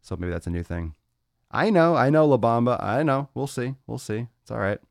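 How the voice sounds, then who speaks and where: A man hosting a casual solo podcast, loud, laughing and profane, talking on a close mic. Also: mid-range voice, animated, normal speed, vocal fry, dry recording. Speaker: podcast host.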